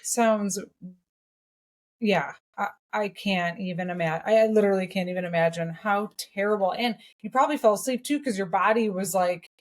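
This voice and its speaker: A woman's voice: medium pitch, moderate pace. A woman podcast host, responding to her guest with sympathetic interjections. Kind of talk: interview listening and reacting.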